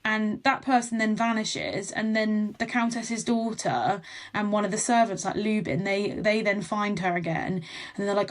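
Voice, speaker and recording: A woman's voice: mid-range voice, moderate pace. A woman co-hosting a podcast, chatting casually about a novel's plot, quoting characters and adding tag questions. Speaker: podcast co-host. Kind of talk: casual book chat.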